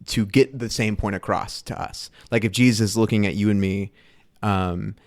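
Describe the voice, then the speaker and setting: A man's voice: on the low side, steady tone, normal speed, darkish tone, no echo, studio quality. A man co-hosting a casual Bible discussion, building a question in stops and starts. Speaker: podcast co-host.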